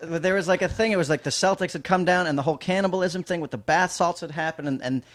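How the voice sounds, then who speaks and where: A man's voice: a little high, fast. A man hosting a podcast, telling rambling, profane stand-up road stories in casual chat. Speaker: podcast host and comedian.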